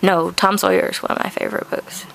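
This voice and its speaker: A woman's voice: medium pitch, flat delivery, fast talker, vocal fry, a bit bright. A young adult woman giving a casual, rambling bookshelf tour in her home studio, full of ums and likes, recorded on a camcorder. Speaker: vlogger. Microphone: camcorder mic.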